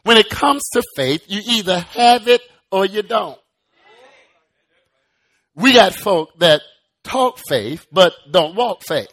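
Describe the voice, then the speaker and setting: A male preacher delivering a sermon, building from slow, quiet lines to loud, rising, shouted passages, often repeating words as he restarts. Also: sits high, lively intonation.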